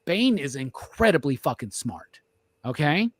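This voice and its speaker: A man hosting a podcast, talking excitedly and profanely in a rambling film review. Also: on the high side, unhurried, slightly rough, dry recording, studio quality. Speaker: podcast host. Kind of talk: casual film review chat.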